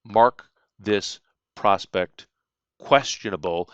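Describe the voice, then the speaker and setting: A man's voice: fairly low pitch, lively intonation, normal speed, a bit bright, no echo, lo-fi sound. A man teaching punctuation in a recorded lecture, reading out example sentences along with their punctuation marks and stressing the rules. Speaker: writing instructor.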